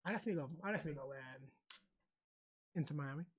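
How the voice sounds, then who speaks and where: A man's voice: fairly high pitch, quick pace. A young man co-hosting a casual podcast chat, telling anecdotes with frequent laughter and swearing. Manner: animated storyteller, laughs often, swears freely. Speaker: podcast co-host.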